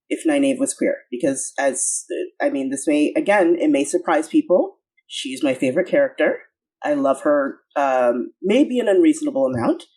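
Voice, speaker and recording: Husky low-voiced woman podcaster. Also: dark tone. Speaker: podcast co-host. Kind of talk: casual chat.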